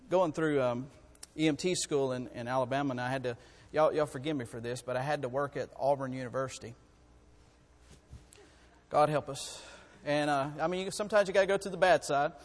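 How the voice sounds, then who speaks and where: A man, preaching a folksy sermon that rises to fervent shouting. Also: medium pitch, normal speed, long pauses, in a large hall.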